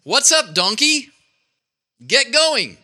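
A man doing a hot-tempered, stubborn master in a church storybook skit. He barks his lines in a raised, bright voice that leaps high. He blusters more than he threatens. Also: sing-song, takes it slowly, exaggerated voice. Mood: angry.

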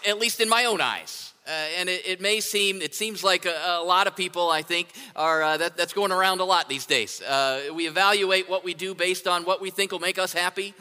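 A man's voice: sits high, moderate pace, hardly any pauses, bright, forceful tone. A man preaching a sermon in a conversational way, often asking "right?" to his listeners. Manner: conversational, asks rhetorical "right?". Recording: long hall reverb.

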